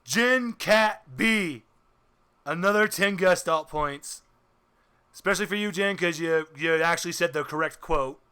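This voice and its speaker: A man's voice: fairly high pitch, unhurried, sharp tone, clean tone. A man narrating as game master of a tabletop game, laughing often and stumbling over restarts.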